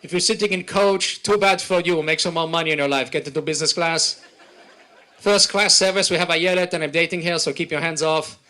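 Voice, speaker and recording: A man's voice: on the high side, brisk, pushed and bright. A man voicing a boastful, dismissive male airline pilot making rude cabin announcements.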